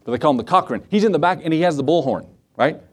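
A man delivers a sermon in an easygoing, conversational way. He tosses questions and asides to the congregation and acts out the voices he quotes. His voice sits a little high for a man. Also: expressive, very fast. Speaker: pastor.

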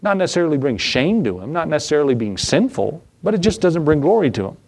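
A man's voice: big pitch swings, quick pace, darkish tone, breathy edge. Emphatic man preaching a sermon. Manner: emphatic, rhetorical questions with rising pitch; repeats phrases for stress. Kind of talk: evening church sermon.

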